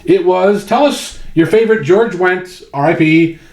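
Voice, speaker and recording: A man's voice: sits high, a little slow, a little mellow, reverberant. A man from Chicago co-hosting a podcast, talking bluntly and profanely in casual chat. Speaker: podcast co-host.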